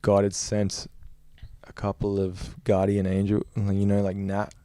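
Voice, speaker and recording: Man, young adult, low mellow voice, dry close sound, rambling casual storytelling. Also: completely flat delivery, measured pace, dry recording. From Australia. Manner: rambling, heavy use of "like". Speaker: musician guest.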